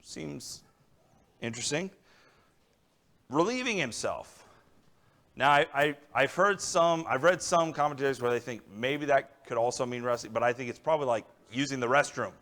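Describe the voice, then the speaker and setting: This sermon comes from a young adult man with a mid-range voice, fairly bright in tone and moderate in pace. He preaches conversationally, checking in with listeners often and repeatedly using "all right" and "right?"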